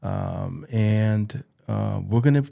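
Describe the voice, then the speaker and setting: The speaker, a podcast guest who coaches youth football, has a fairly low, mellow voice with some vocal fry, and he talks slowly. He tells his personal stories earnestly and emotionally. Stops, repetitions, and restarted phrases run through his speech.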